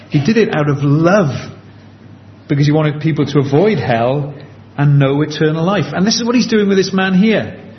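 A man preaching a sermon in an earnest, conversational way, slowing down on key points. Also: on the high side. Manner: earnest, conversational, slows down for emphasis. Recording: dull lo-fi with faint background hiss.

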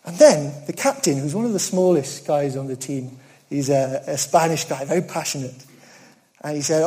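A man delivering a sermon with a fairly high but warm, mellow voice. He keeps it earnest and conversational, with self-deprecating humor. He swings from loud emphasis down to hushed, quiet asides. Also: moderate pace. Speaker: preacher.

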